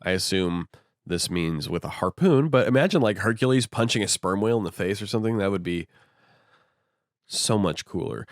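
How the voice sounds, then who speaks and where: A man's voice: on the low side, lively intonation, moderate pace, dry recording, clean studio sound. A man casually retelling a novel in an irreverent, sardonic way, swearing freely. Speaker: host, book reviewer. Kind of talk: casual profane book retelling.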